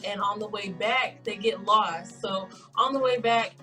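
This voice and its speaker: A woman's voice: mid-range voice, unhurried, pushed and bright, faint music behind, rough recording. A woman co-hosting a casual podcast, retelling a story in a rambling way and briefly voicing the people she quotes. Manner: rambling, acts out quoted lines in brief voices. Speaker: podcast co-host.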